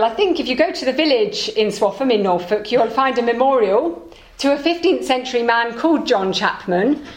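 A woman minister giving a sermon as a lively storyteller, acting out the characters as she goes. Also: fairly high pitch, echoey room.

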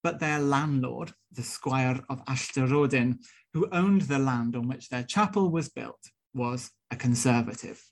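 A man's voice: medium pitch, unhurried. A young Welsh man, a minister-elect, delivering a sermon-style talk with earnest, rhetorical storytelling. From Wales.

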